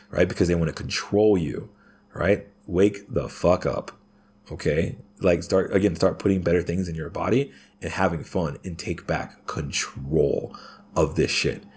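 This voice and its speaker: A man's voice: low-pitched, a little hiss or hum. A man talking as a podcast guest in a profane, ranting way, punctuating his points with "right?". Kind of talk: casual podcast conversation.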